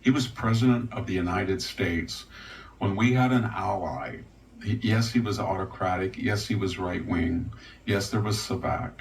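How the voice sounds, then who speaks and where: Gravelly older man, distant mic. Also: low voice, unhurried. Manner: rambling, wry, mimics others mockingly. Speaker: guest commentator. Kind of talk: casual political commentary. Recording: distant mic with faint noise.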